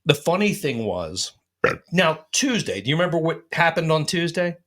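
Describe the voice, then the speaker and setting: A man's voice: fairly high pitch, big pitch swings, normal speed, a bit bright. A man telling a long, profanity-laced anecdote in casual chat, acting out what people said. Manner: profane, rambling anecdote with acted-out quotes. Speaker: host.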